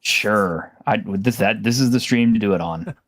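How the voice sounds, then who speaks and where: Blunt low-voiced man chatting. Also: normal speed. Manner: blunt, curses casually. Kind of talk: casual panel chat.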